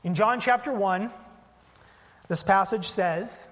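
A man's voice: high voice, lively intonation, normal speed. A man preaching a teaching sermon, explaining points step by step with frequent fillers. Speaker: pastor. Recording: long hall reverb.

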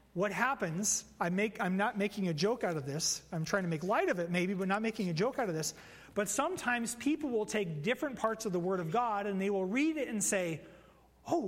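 Man, pastor, sermon, high voice, chatty and animated, church hall reverb. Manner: conversational, animated storytelling with playful asides. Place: church sanctuary.

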